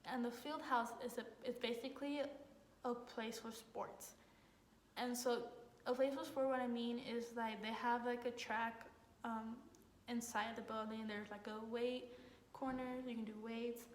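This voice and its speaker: A young woman tells a story in a casual, rambling way, leaning on "like" as she retells things excitedly. Her voice sits a bit high. The room around her is echoey, with a faint hiss underneath. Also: measured pace. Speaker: college student vlogger.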